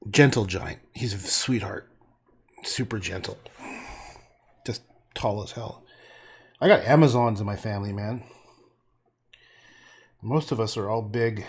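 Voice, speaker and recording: A man's voice: fairly low pitch, unhurried, long pauses, breathy edge. A man livestreaming while he paints, chatting casually in a joking, rambling way with frequent swearing. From Canada.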